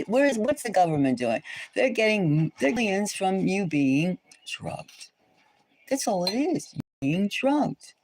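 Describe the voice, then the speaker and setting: A woman's voice: mid-range voice, darkish tone. A woman hosting a livestream chat, talking in a rambling, indignant way with many restarts, fillers and rhetorical questions. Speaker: tarot channel host.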